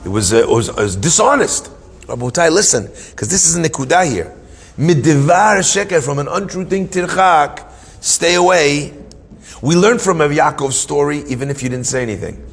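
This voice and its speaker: Guy teaching torah with stories, kinda high voice, acts out the lines, long hall echo. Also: moderate pace, gravelly. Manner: animated, acts out quotes, swings between hushed and emphatic. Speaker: rabbi giving a Torah talk. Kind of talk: storytelling Torah lesson.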